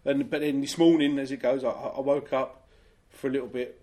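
A man's voice: medium pitch, fairly even intonation, brisk, dark tone. A man in his fifties cohosting a casual comedic chat, chatty and anecdotal, backing up his cohost with frequent yeahs.

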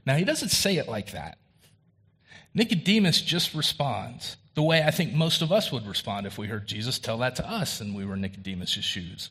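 A male pastor preaching a sermon in a conversational way, acting out quoted dialogue and rising in pitch for emphasis. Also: sing-song, normal speed, a bit bright, husky.

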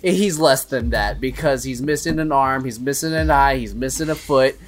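A man's voice: medium pitch, moderate pace. A young man co-hosting a casual podcast, recapping a movie plot in a rambling way with laughs and quoted bits. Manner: rambling, laughing while retelling scenes with playful quoted voices. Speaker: podcast co-host.

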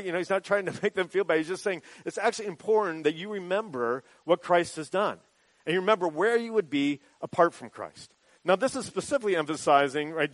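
A man's voice: a little high, fairly bright tone, no echo, low-quality recording. Conversational man preaching a sermon, dry sound. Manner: conversational, often adds "right?" as a check-in. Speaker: pastor.

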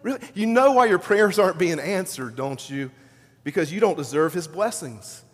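A man's voice: high voice, expressive, normal speed. Man voicing a sneering, accusing devil. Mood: taunting. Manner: taunting, scornful. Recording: long hall reverb.

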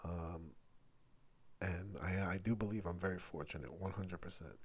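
A man's voice: low-pitched, moderate pace, breathy edge. A middle-aged man, hosting a casual solo podcast, talking candidly and rambling with many fillers and restarts. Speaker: podcast host.

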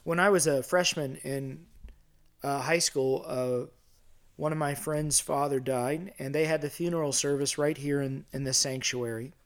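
A man's voice: on the high side, fairly even intonation, unhurried. Middle-aged male pastor preaching. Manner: conversational, asks listeners questions, grows intense. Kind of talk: sermon. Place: church sanctuary.

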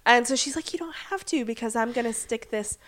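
A woman's voice: on the high side, a bit bright. A woman co-hosting a casual podcast, retelling the scenes of an episode and acting out bits of the characters' lines. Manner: recaps scenes with quick acted-out quotes, lots of "um" and "like". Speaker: podcast co-host recapping a TV episode. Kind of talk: casual chat.

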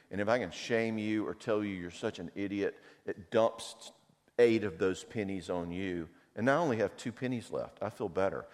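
Middle-aged male speaker, slightly low pitch, chatty talk with acted-out anecdotes, booming hall sound. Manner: animated storyteller who acts out quoted voices. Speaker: speaker on marriage and anger. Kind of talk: conversational talk with personal anecdotes. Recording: long hall reverb.

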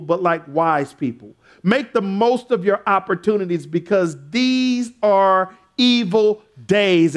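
A man preaching a sermon as pastor, leading call-and-response with his congregation and building up to shouts. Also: high-pitched.

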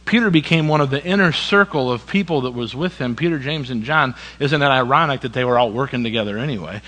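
A man's voice: medium pitch, a little fast, hardly any pauses, bright, forceful tone, in a large hall, poor audio. A man preaching a sermon in a church, with emphatic repetition and direct questions to the congregation. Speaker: pastor.

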